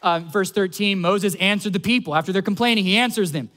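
A man with a notably high voice preaching a sermon to his congregation. He speaks earnestly and stretches out key phrases to land them. He sounds like a young adult pastor. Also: a little fast, a bit bright.

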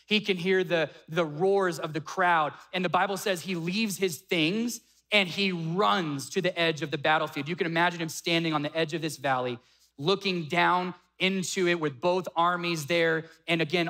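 A young man preaching a sermon, retelling a story with animated acted-out dialogue. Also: sits high. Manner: animated, acts out quoted dialogue. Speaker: pastor.

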